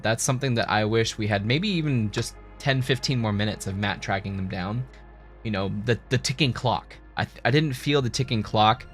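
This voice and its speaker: A man hosting a casual video review, rambling and enthusiastic, with many fillers and restarts. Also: lowish voice. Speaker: video host, show reviewer.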